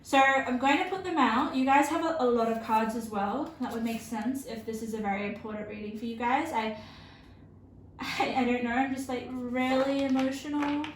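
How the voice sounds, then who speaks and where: A woman giving an intuitive tarot reading to her viewers, earnest and emotional, halting often with fillers and restarts. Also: on the high side. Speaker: tarot reader. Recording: roomy with faint background hiss.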